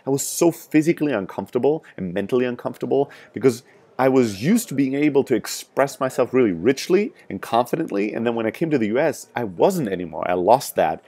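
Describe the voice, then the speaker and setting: A man's voice: mid-range voice, lively intonation, quick pace, darkish tone. A man with a strong European accent, a sales startup founder, giving emphatic, frank advice straight to camera with frequent "right?" asides. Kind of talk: motivational talk to camera.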